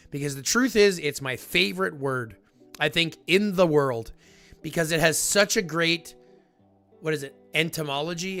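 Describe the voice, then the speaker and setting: A man hosting a livestream, chatting casually with viewers in a rambling, animated way full of fillers. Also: a little high. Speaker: livestream host.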